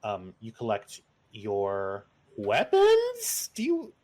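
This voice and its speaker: A man narrating as game master, halting and full of fillers, laughing easily as he rules on the players' moves. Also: on the low side, huge pitch swings, a little mellow. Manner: hesitant, many fillers and restarts, laughs easily.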